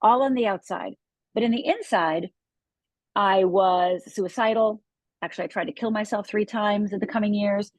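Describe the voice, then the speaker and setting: A woman's voice: medium pitch, normal speed, dry recording. A middle-aged woman from Upper Michigan, a guest life coach telling a personal story in a podcast interview, earnest and vivid, with emphatic repetitions. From Upper Michigan, USA.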